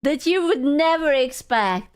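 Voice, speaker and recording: A young woman streaming, chatting casually in a playful, silly way and breaking into excited squeals. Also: high voice, measured pace. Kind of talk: casual livestream chat.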